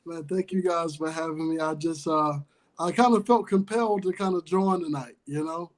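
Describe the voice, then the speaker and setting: A man joins a live sports chat stream as a caller. His voice is notably high, and he speaks earnestly and in a measured way, padding his thoughts with fillers. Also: rough recording. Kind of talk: casual chat.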